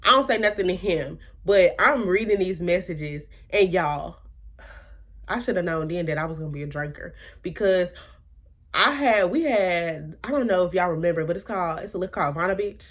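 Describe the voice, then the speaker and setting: Animated young woman telling a storytime. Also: on the low side, normal speed. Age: young adult. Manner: animated, dramatic retelling with rhetorical questions. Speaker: vlogger. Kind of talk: storytime vlog.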